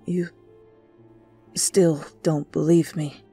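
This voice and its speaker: A woman's voice: on the low side, fairly even intonation, unhurried, dark tone, slightly rough, soft background music. A woman voicing a frantic, desperate young man who pleads and stammers, in a whispered role-play. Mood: hurt.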